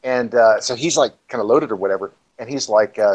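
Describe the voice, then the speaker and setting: A man's voice: medium pitch, a little fast, darkish tone, dry recording, rough recording. Rambling, cussing male podcast storyteller. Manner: rambling, profane anecdote-telling with many fillers. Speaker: podcast co-host. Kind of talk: casual storytelling chat.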